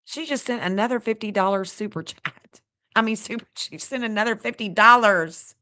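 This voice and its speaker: A woman hosting a casual livestream, chatty and excitable, talking straight to her viewers and laughing often. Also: medium pitch, normal speed. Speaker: livestream host reading astrology maps.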